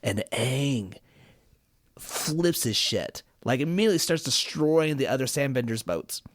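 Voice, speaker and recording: A man hosts a casual podcast chat, telling the story with lots of swing in his pitch and a loose, profane delivery. The sound is dry and close, with no room around it. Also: measured pace, no echo. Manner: animated, profane retelling of a cartoon plot. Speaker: podcast host.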